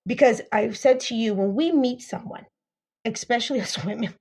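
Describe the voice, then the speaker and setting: A woman's voice: fairly high pitch, moderate pace, a little mellow, breathy edge. A woman dating coach on an interview show, teaching emphatically through acted-out stories, repeating herself and swearing casually. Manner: emphatic, repeats herself, acts out quoted voices.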